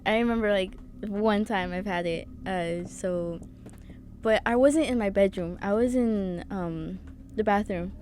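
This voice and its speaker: A young woman tells a personal story as a podcast guest, in a mid-range voice. She talks haltingly, with frequent laughs. A faint background hiss sits under the recording. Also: mid-range voice, a little mellow. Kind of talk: casual chat.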